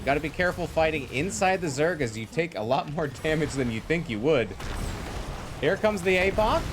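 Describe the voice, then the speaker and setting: A man casting a live esports match with energetic play-by-play, calling out fights and thanking viewers. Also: on the high side, noisy background. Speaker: esports caster.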